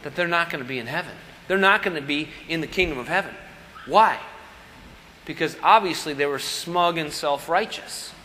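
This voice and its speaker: A pastor with a high, bright voice preaches a sermon at normal speed, conversationally, with rhetorical questions. The recording carries the long reverb of a large hall plus slight background noise.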